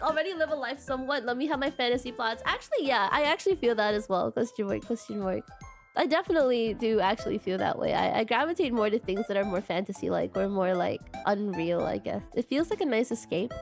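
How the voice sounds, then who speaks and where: A young woman streamer with a high, bouncy voice that swings widely in pitch. She chats casually with viewers, giggles often and fills every pause with "question mark". Soft music plays faintly underneath. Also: lively intonation. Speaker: VTuber streamer.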